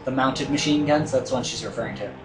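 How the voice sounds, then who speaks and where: A man's voice: mid-range voice, fast. A man hosting a let's play, commenting casually and rambling with fillers. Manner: chatty, rambling, hesitant with many fillers. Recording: echoey room with game music.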